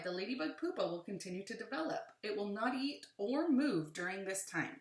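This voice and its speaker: A woman teacher reads a picture book aloud to young children, with friendly explanations between passages. Her voice sits at an ordinary middle pitch. The room gives it a noticeable echo. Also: lively intonation, a little fast, hardly any pauses, a bit bright. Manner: adds friendly asides to young pupils.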